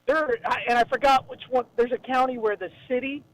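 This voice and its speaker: High-voiced wry radio co-host. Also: male voice, steady tone, a bit bright, no echo, low-quality recording. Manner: wry, chiming in with quick agreement. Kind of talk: casual radio chat.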